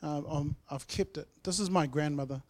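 A man's voice: fairly high pitch, normal speed. Earnest New man giving testimony. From New Zealand. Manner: earnest, heartfelt storytelling with loud and soft swings. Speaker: guest speaker sharing testimony. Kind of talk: church testimony.

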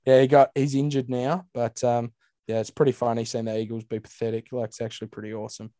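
A man's voice: medium pitch, level tone, fast talker, dark tone, no echo, clean studio sound. A young Australian man co-hosting a casual sports podcast, laid-back and sweary, calling everyone mate. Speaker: podcast co-host. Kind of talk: casual chat.

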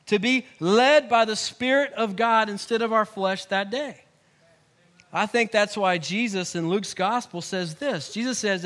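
A man preaching a sermon, moving between loud, emphatic points and quiet, personal storytelling. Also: very high-pitched. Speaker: pastor.

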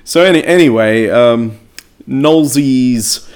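A man's voice: medium pitch, slow, darkish tone. Bantering man. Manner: banters and reads comments aloud in slang. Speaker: podcast co-host. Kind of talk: casual chat.

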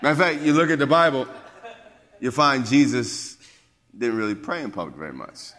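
A man preaching a sermon as bishop and pastor, swinging from hushed whispers to emphatic shouts. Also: mid-range voice, animated, moderate pace, in a large hall. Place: church sanctuary.

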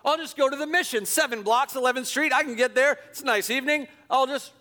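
A middle-aged man, a pastor, telling a self-deprecating story in a sermon, animated and chuckling as he goes. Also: extremely high pitch, fast. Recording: long hall reverb.

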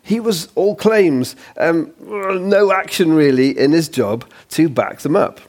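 A man's voice: on the high side, lively intonation, takes it slowly, a little mellow. A man preaching a sermon as a guest speaker, in a chatty, informal way with rhetorical questions.

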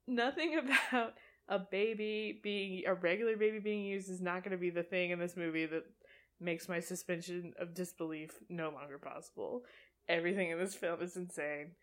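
Young woman, podcast host, casual movie recap, sarcastic, animated, mid-range pitch. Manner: sarcastic, animated, laughs often.

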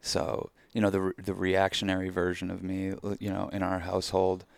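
A man with a very low voice and a gravelly edge talks through his thoughts on a podcast, candid and reflective, dropping casual swears. The recording is dry and close, with no room sound. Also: completely flat delivery, fairly quick, dry recording. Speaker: podcast co-host. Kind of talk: casual chat.

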